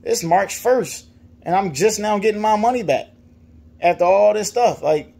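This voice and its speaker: Brief: frustrated man with a Virginia accent, casual venting vlog, slightly high voice. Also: normal speed, vocal fry, warm tone. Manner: frustrated, repetitive, mimics others' lines. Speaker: customer complaining about a dealer.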